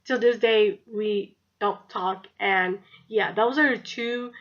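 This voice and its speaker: A woman's voice: a little high, sharp tone. A young woman telling a story on her vlog, chatty and blunt and swearing freely. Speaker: vlogger. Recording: dull lo-fi recording.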